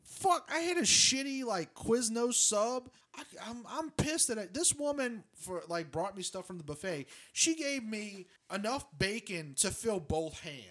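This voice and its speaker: A man's voice: high voice, big pitch swings, unhurried, few pauses, fairly bright tone. A man co-hosting a podcast, telling rambling profane anecdotes in casual chat. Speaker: podcast co-host. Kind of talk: casual storytelling.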